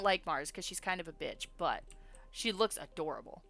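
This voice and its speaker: An excitable woman streamer plays a card game, muttering counts under her breath and swearing freely. She reads the story text aloud between bursts. Her voice is bright and sits in a dry room, with clicking behind. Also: deep voice, normal speed, vocal fry, no echo. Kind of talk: casual gameplay commentary and reading game text aloud.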